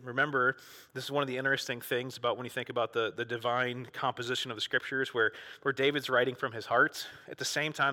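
Animated, bright-voiced male preacher. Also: big-room sound. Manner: animated, conversational, acts out quoted prayers with rising pitch. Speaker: pastor. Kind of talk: sermon.

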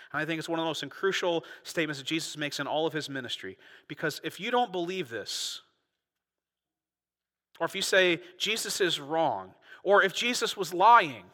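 A man preaching a sermon as a pastor, moving between quiet asides and loud, animated bursts. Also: on the high side, big-room sound.

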